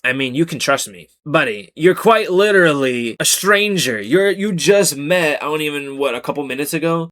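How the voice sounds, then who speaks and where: A man's voice: on the high side, normal speed, hardly any pauses, a bit bright. Sarcastic man narrating Reddit posts. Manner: sarcastic, exasperated asides. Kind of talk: reading posts with casual commentary.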